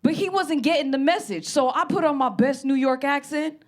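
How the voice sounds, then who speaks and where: A woman comedian with a high voice delivers a stand-up set. Her storytelling is brash and animated. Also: moderate pace.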